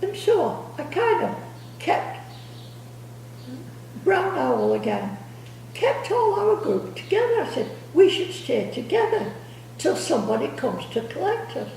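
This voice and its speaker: A woman's voice: extremely high pitch, sing-song, measured pace, gravelly, pauses often, a little mellow, a little hiss or hum. Chatty older woman, echoey room. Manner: rambling, repeats words, laughs through stories. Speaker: grandmother telling family stories. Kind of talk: casual storytelling. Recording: echoey room, distant mic.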